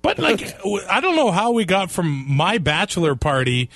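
Lively, laughing man. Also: high-pitched, moderate pace, dry recording. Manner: laughs often, lively reactions. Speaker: podcast co-host. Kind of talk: casual sports chat.

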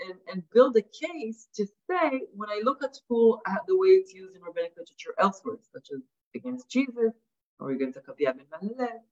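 A woman's voice: medium pitch, expressive, fairly quick. A woman giving an academic lecture, asking rhetorical questions and often adding "right?". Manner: frequent restarts and repeated words. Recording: dull lo-fi sound.

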